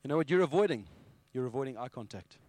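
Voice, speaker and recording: A man preaching a sermon with animated storytelling. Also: medium pitch, fast talker, no room sound. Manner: animated storytelling, acting out scenes.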